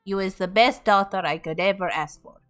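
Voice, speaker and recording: A woman's voice: mid-range voice, brisk, fairly bright tone, soft background music, lightly acted. A woman voicing a hammy dad in a mock French accent. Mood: teasing. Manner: hammy, theatrical.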